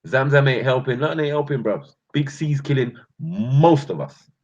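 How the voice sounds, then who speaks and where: A man's voice: medium pitch, normal speed, darkish tone, dull audio. A man with a London accent hosting his channel, delivering a passionate rant full of street slang and calling his listeners bruv and fam. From England. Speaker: channel host.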